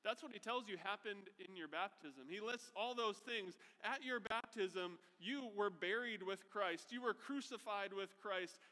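High bright guy preaching, chatty, keeps saying right?, big echoey church sound. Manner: conversational preaching with frequent rhetorical "right?". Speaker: pastor. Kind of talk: sermon.

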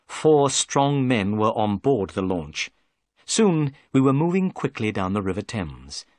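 A man reading a graded story aloud for English learners in clear, measured narration. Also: medium pitch, no room sound, studio quality. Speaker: story reader.

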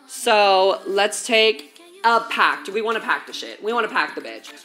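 Bright, slangy valley-girl woman streamer. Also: medium pitch, animated, normal speed. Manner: valley-girl slang, profane, chatty, talks straight to chat. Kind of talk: casual baking livestream chat.

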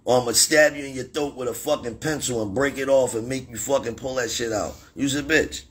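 A middle-aged man, a rapper, ranting angrily and profanely on a phone livestream and breaking into sudden high-pitched shouts. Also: steady tone, a little fast, slightly rough. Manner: angry, profane, threatening tirade that jumps into sudden high shouts.

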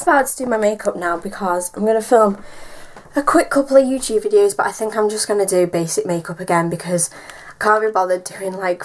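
A woman's voice: medium pitch, a little hiss or hum. A young woman vlogging her day at home, rambling in a casual, chatty way with lots of fillers. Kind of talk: casual daily vlog. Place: home, indoors and garden.

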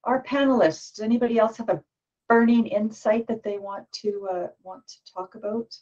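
A woman's voice: on the high side, normal speed, dark tone, dull audio. A woman moderating a panel discussion, thinking aloud with many restarts.

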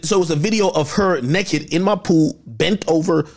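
A man telling a personal story in casual chat, animated and full of slang, acting out what others said. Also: on the high side, normal speed. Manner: animated, acts out quotes with slang.

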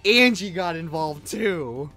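Lively, profane male streamer. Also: a little high, slow pace. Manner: profane, teasing, laughs often. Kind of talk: casual gaming chat with friends. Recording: game music under voice. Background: game music and gunfire.

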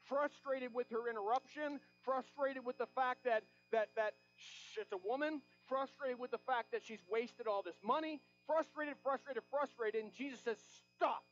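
A man delivers an impassioned sermon, acting out Bible scenes in quoted voices. His voice sits high, and the recording is dull and lo-fi, with soft music underneath. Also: normal speed, hardly any pauses. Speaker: pastor.

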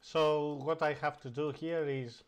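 A man hosting a live stream, casually talking viewers through a software update and greeting chat as he works, with frequent pauses and fillers. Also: on the high side, fairly even intonation, smooth. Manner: hesitant, many fillers and restarts while operating the computer.

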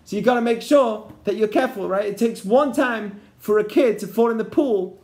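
A man's voice: high-pitched, normal speed, a little mellow, slight background noise. A man, a rabbi, teaching an interactive lesson and often checking in with his listeners. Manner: keeps checking in with the class. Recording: echoey room.

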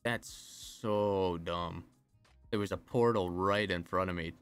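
A man's voice: deep voice, slow pace. A young man commenting on his gameplay, ranting and cursing at the game in exasperation, with faint game music behind. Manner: exasperated, swearing rants at the game. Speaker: gaming video creator.

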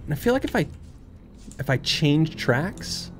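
A man playing a horror game on his channel, commenting excitedly with frequent laughter and panicky outbursts. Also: a little high, unhurried, soft background music. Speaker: gaming YouTuber. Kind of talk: let's play commentary.

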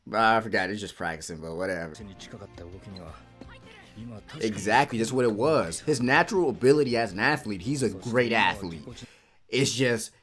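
A man giving excitable, casual reaction commentary while watching an anime, cheering and laughing often. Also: on the low side, moderate pace, pauses often, faint music behind.

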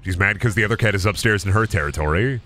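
A man's voice: lowish voice, fast, background noise. A young man streaming a video game, chatting casually, goofing around and swearing often. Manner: goofy, swears a lot, does silly voices and noises. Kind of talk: casual gaming stream chat.

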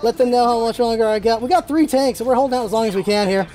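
A gaming channel host giving live gameplay commentary, excitable and firing off rapid callouts to teammates. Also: medium pitch.

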